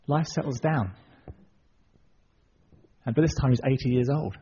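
A man preaching, retelling a story in a lively sermon with asides to the audience. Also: mid-range voice, measured pace, husky. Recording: dull lo-fi recording.

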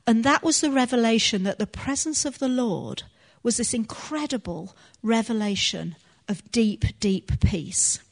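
A woman preaching a sermon to a congregation, teaching earnestly and laughing softly now and then. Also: fairly high pitch, lively intonation, a little slow, few pauses.

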